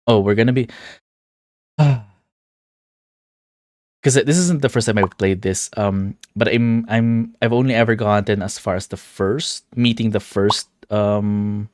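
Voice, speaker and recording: A man's voice: lowish voice, unhurried, pauses often, darkish tone, dry recording, clean studio sound. A man streaming a visual novel, commenting casually and chatting with a laugh. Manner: chatty, laughing, self-deprecating. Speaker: game streamer.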